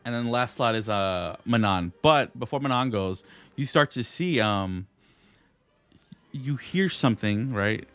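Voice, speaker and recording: A man running a tabletop game as game master, halting and full of fillers and checking questions. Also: mid-range voice, lively intonation, a bit bright, clear, resonant tone, dry recording. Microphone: streaming setup.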